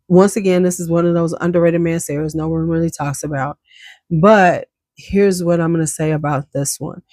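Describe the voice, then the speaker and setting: Chatty lady gushing over perfumes, slightly low voice, dry close sound. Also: no echo. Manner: chatty, animated, enthusiastic with slang. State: coughing now and then. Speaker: beauty vlogger. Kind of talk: casual perfume review.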